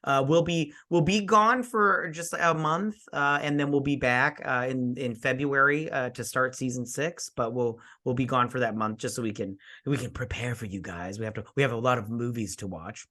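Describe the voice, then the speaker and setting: A man co-hosting a casual movie podcast, laid-back and gushing, quick to laugh. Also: medium pitch, steady tone, pushed and bright. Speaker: podcast co-host.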